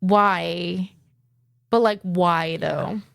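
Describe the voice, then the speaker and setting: A woman co-host chats casually with a wry, questioning edge. Her pitch sits in the middle range. The recording is dry and close. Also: lively intonation, unhurried, dry recording. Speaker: podcast co-host. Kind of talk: casual podcast chat.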